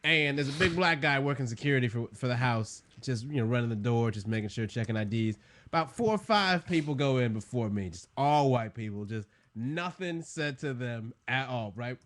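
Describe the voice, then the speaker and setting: A man's voice: mid-range voice, lively intonation, moderate pace, a bit bright, a little hiss or hum. A young man co-hosting a podcast, a loose and slangy storyteller who laughs often. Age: young adult. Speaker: podcast co-host. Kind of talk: casual chat.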